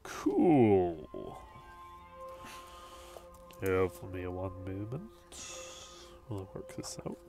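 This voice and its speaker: A man's voice: low voice, sing-song, drawn-out words, pauses often, over music. A man narrating and running a tabletop game as game master, in a casual manner, swearing freely.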